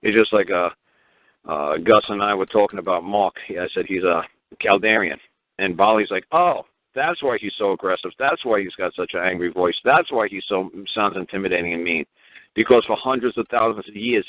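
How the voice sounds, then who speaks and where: A man from New York with a New York accent, ranting fast and profanely on a radio talk show, acting out other people's voices as he goes. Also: mid-range voice, no room sound. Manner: fast, profane, repetitive, acts out quoted voices. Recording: tinny phone line, dry.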